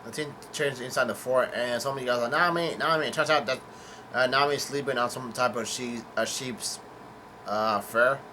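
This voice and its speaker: A man's voice: medium pitch, fairly even intonation, normal speed, bright, forceful tone, a little hiss or hum. A man casually reading through and summarizing a comic chapter, hesitant, with many fillers and self-corrections. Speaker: manga chapter reader. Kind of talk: casual manga read-through.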